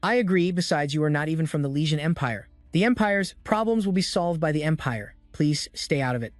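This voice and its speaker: A man's voice: on the high side, expressive, a little fast, no echo, soft background music, natural voice. A man voicing a group of indignant, self-serving male nobles.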